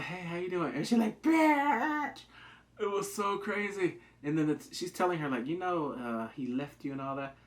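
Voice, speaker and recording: Excitable man recapping a drama, higher voice. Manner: excitable, acts out characters' lines in quick asides. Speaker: TV drama reviewer. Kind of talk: casual recap review.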